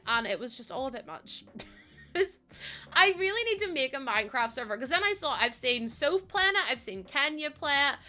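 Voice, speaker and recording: An Irish woman with a high, pushed, bright voice chats casually while live-streaming a game. She rambles, giggles often, and swears offhandedly.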